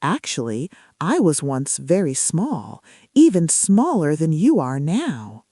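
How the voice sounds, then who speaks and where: A woman voicing a huge, gentle male giant who speaks kindly and softly. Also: low-pitched, wildly swooping pitch, slow pace, no echo, studio quality, exaggerated voice. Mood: reassuring.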